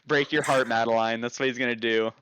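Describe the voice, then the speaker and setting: A man's voice: mid-range voice, steady tone, fast talker, fairly bright tone, smooth, dry recording, low-quality recording. A man hosting a casual podcast chat, talking in a rambling, profane way with many restarts. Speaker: podcast host.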